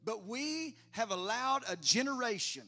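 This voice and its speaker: A man preaching a sermon in a high, bright, forceful voice. He drives points home with emphatic bursts, then drops to near-hushed lines and chatty asides to the congregation, over faint music underneath. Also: expressive, unhurried. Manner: emphatic preaching with big swings from loud to hushed. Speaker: pastor.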